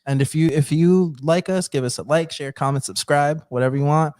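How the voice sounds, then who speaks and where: A man's voice: fairly high pitch, steady tone, a little fast, darkish tone, dry recording, studio quality. Laid-back slangy male co-host. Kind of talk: casual live show chat.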